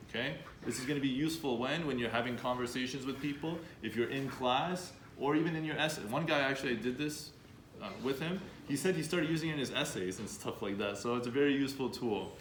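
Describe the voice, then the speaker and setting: A man leading an interactive workshop for students, upbeat and coaxing the audience with questions. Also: medium pitch. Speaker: workshop speaker. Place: room with students. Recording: echoey room, faint background noise.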